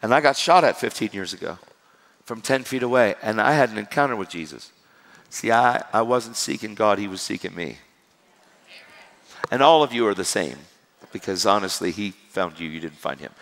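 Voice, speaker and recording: A middle-aged man preaching his personal testimony in a conversational style, swinging between loud and hushed. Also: lowish voice, expressive, normal speed, creaky. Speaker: evangelist. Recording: long reverb of a large hall.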